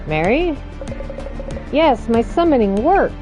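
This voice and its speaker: A woman's voice: a little high, sing-song, measured pace, long pauses, over music. A woman reading a game's dialogue aloud, voicing every character in turn with dramatic reads. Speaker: let's play narrator reading all characters.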